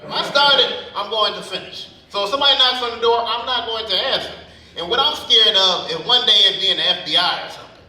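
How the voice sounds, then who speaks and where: A man's voice: high-pitched, quick pace, bright, forceful tone. A man doing a stand-up comedy set in a speakeasy. He tells rambling, profane stories. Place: speakeasy venue. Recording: echoey room, mic at a distance.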